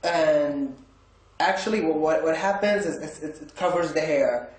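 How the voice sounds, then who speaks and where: A man tells a story to camera in a casual vlog, his voice sitting a little high. He rambles, stumbling and restarting his phrases. The room around him rings with noticeable echo. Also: unhurried. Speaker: vlogger.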